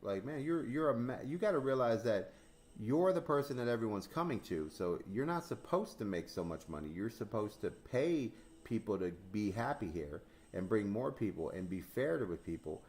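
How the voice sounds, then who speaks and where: A lowish-voiced man hosts a crypto stream at normal speed, keeping things casual. He laughs and swears often while telling lively stories and voicing the dialogue himself.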